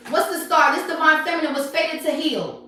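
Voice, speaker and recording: A high, bright-voiced woman doing a livestream tarot reading who lashes out at her viewers with a torrent of profanity. She sounds set back from the mic in a very echoey room, with faint music underneath. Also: fairly even intonation, fairly quick, distant mic. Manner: profane, confrontational, scolding viewers. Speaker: tarot reader.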